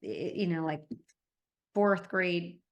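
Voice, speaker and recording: A middle-aged woman talking as a guest in an interview, telling stories in an emphatic, animated way. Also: on the low side, slow pace, vocal fry, muffled recording. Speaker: interview guest, parent advocate. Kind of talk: conversational interview.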